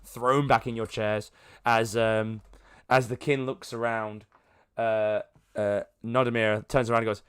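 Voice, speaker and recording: A man's voice: medium pitch, unhurried, clear, resonant tone. Chatty man running a tabletop game. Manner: chatty, rambling, excitable. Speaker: game master.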